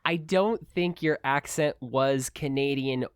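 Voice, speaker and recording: A man's voice: medium pitch, takes it slowly, smooth, dry recording. A man co-hosting a podcast who runs a game and teases his co-host in a dry way. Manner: teasing, dry. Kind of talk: casual chat.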